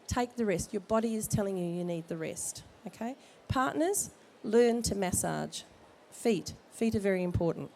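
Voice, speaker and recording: A woman with a cold delivers jokey, direct advice to expectant parents, speaking as a midwife at a baby expo. Her mid-range voice has lively intonation, vocal fry and a dark tone, moving at a moderate pace with few pauses. The informal talk takes place in an expo hall, with a little hiss or hum.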